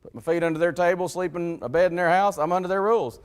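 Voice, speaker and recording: A man preaches a folksy, conversational sermon in a church sanctuary. He swings from loud, emphatic lines to hushed, low asides and acts out the voices he quotes. His voice carries a long, ringing reverb from the hall. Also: fairly even intonation, quick pace, clean tone.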